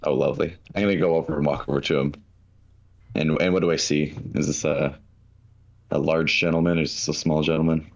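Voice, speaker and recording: Male player, extremely low voice, easygoing with fillers, muffled recording. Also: little pitch movement, a little fast, vocal fry. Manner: casual, chuckling, full of fillers. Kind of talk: tabletop role-play.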